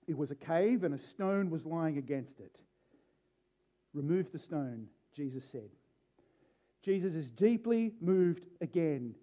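A man's voice: on the high side, dark tone. A man preaching a sermon earnestly, building to emphatic peaks as he reads and explains a passage. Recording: dull lo-fi sound.

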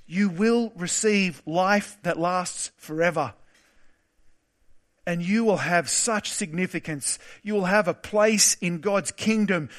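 Male preacher, earnest evangelistic appeal, slightly high pitch, repetitive inviting phrasing. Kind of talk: evangelistic sermon with led prayer.

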